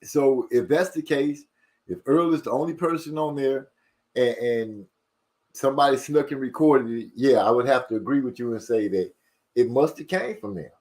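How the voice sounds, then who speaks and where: Fast-talking man hosting a stream. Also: medium pitch, darkish tone. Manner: fast-talking, rushes and stumbles over words. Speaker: livestream host. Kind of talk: casual chat reading viewer comments.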